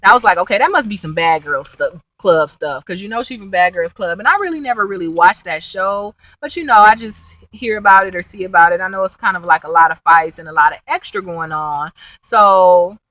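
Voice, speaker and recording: A young woman casually recapping a reality show episode, animated and gossipy, with quick asides. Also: fairly low pitch, no room sound, poor audio. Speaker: vlogger reviewing a reality show.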